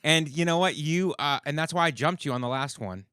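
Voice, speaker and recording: Bright-voiced teasing podcast host. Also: male voice, a little high, animated, clear, resonant tone, dry recording, studio quality. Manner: teasing, playful, quick to laugh. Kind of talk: casual comedy banter.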